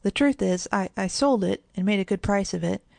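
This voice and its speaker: A woman's voice: medium pitch, a little fast, vocal fry, a little mellow, no echo, clean studio sound, natural voice. A woman voicing a shy, embarrassed schoolboy who stammers in a storybook. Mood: flustered. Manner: flustered, stammering.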